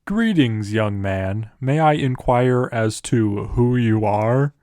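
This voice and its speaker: A man's voice: mid-range voice, lively intonation, slow pace, a little mellow, no room sound, studio quality. A man voicing a pompous, formal elderly British statesman who talks down to people. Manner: formal and condescending.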